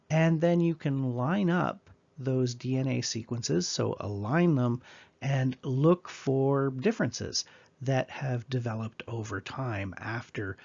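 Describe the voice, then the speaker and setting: A man's voice: mid-range voice, gravelly, a little mellow, dull audio. A man teaching biology in a conversational, explanatory lecture with casual asides. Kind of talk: recorded lecture.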